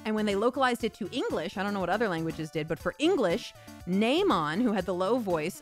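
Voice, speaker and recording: A woman's voice: mid-range voice, expressive, a little fast, faint music behind. A woman voice actor chatting casually and animatedly, acting out little quotes and swearing freely. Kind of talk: casual chat.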